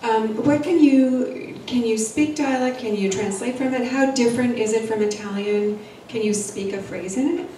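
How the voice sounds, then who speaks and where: A woman with a mid-pitched voice presses with a string of follow-up questions. She is heard from a distance in a roomy space, with faint noise behind her. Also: warm tone. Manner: inquisitive, rapid follow-up questions. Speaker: panelist novelist. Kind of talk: panel questions. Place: literary event hall. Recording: echoey room, distant mic, faint noise.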